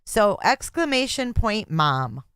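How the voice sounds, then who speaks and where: A woman's voice: mid-range voice, sing-song, takes it slowly, a bit bright, smooth, no echo, clean studio sound. A middle-aged woman hosting a casual livestream from home, chatting and thanking her viewers by name, speaking into a desk mic. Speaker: livestream host.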